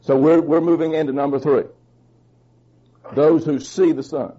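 Male preacher, emphatic sermon delivery, slightly husky high voice. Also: steady tone, moderate pace, mellow, muffled recording. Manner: fervent, emphatic, rises in pitch when stressing points; asks the congregation questions.

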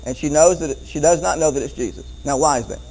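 A man preaching a Bible-teaching sermon, animated, often repeating words and chuckling as he goes. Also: fairly high pitch, quick pace, a little hiss or hum, rough recording.

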